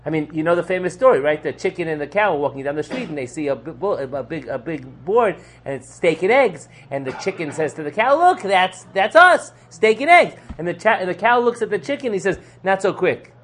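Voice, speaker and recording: Animated rabbi teaching, man. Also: fast talker, hardly any pauses. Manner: asks rhetorical questions and answers them, with jokes; swings between low, quiet stretches and loud, high bursts. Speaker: rabbi teaching a Torah class. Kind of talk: lively classroom lecture.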